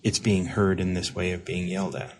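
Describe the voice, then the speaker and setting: A man's voice: low voice, flat delivery, brisk, a little hiss or hum. A man serving as host and recovery mentor, explaining ideas to a caller in casual talk, often repeating and restarting words.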